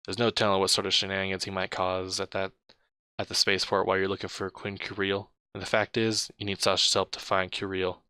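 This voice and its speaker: Male reader, casual interactive-story narration, bright tone, dry close sound. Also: sits low, completely flat delivery, fairly quick, clean tone, no room sound. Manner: chatty, comments on his own slips and laughs mid-read. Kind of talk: casual read-aloud narration.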